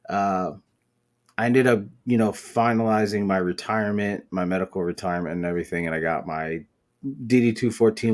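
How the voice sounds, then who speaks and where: A man hosting a podcast, telling a story in casual, profane chat. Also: low voice. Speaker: podcast host.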